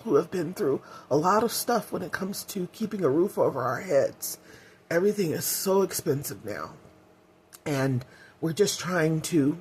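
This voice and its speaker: A woman's voice: low voice, expressive, moderate pace, a little mellow, a little hiss or hum. A middle-aged woman vlogging in a candid, heartfelt way, rambling with fillers as she talks. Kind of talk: casual personal vlog.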